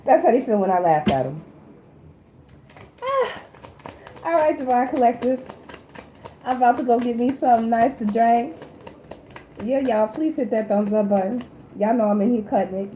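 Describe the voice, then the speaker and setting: A woman's voice: on the high side, warm tone, echoey room, slight background noise. A woman host giving a casual tarot reading to camera, chatty and teasing, laughing often and talking in loose slang. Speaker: tarot reader and channel host.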